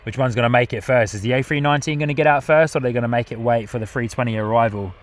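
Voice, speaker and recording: At an airport, a man hosts a live plane-spotting stream outdoors, chatting about the planes and reading viewer comments with frequent laughs. His mid-range voice races along.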